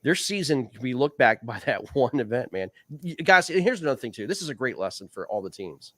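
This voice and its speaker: A man's voice: mid-range voice, sing-song, brisk, a bit bright, dry recording. A man hosting a fishing league recap show, talking casually and rambling, calling people "man" and "dude". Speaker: show host.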